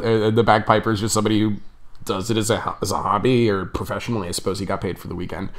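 Chatty young man telling a story. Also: on the low side. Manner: laughs often, chatty and rambling. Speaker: vlogger. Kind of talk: casual storytelling vlog.

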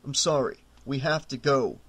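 A man doing a calm, reassuring teenage boy. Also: mid-range voice, moderate pace, husky.

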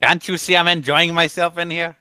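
A man's voice: fairly high pitch, little pitch movement, fairly quick, sharp tone, clean tone, faint music behind. A man voicing a grumpy male cook with a put-on Mexican accent in a Minecraft roleplay. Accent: put-on Mexican Spanish. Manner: grumpy, irritated.

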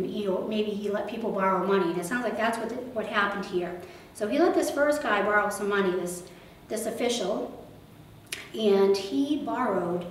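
A woman leading a children's liturgy, retelling a gospel parable in a gentle, conversational way and asking the children questions. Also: medium pitch, slight background noise. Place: church or parish hall. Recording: very echoey room, mic far off.

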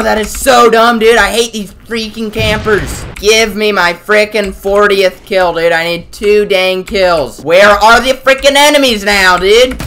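A bright, sharp-toned gamer talks through a match live, yelling at the game and tossing out mild cusses. The voice cuts through clearly. It settles into a calm, low-key chat when addressing viewers. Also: a little hiss or hum. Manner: excitable, yells at the game with mild cussing. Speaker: gaming YouTuber. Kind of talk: live gameplay commentary.

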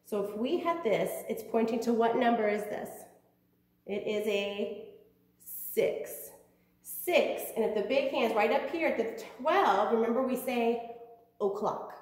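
Woman preschool teacher, fairly high voice, sing-song, child-directed, very echoey room, far from the mic. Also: lively intonation, darkish tone. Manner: slow, sing-song, talking to small children. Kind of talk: virtual preschool lesson. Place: at home.

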